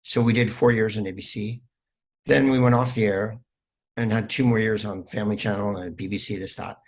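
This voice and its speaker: A man, a comedian guest on a podcast, telling stories in a lively, rambling way with plenty of fillers. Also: fairly low pitch, fairly quick. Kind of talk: casual podcast interview.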